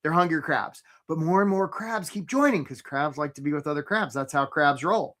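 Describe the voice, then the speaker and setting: A man's voice: a little high, animated, moderate pace, fairly bright tone. A man hosting a live career webinar, talking energetically and conversationally, often checking in with "right?" and greeting attendees by name.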